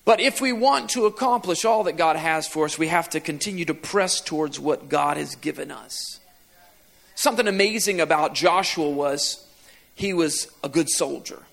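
A man's voice: a little high, normal speed, gravelly, a bit bright. A man preaching a sermon as pastor, retelling a scripture passage and driving home repeated refrains with rising emphasis.

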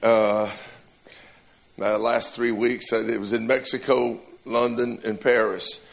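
A man's voice: mid-range voice, level tone, takes it slowly. A man preaching a sermon in church, telling jokes and stories with self-deprecating humor. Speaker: pastor.

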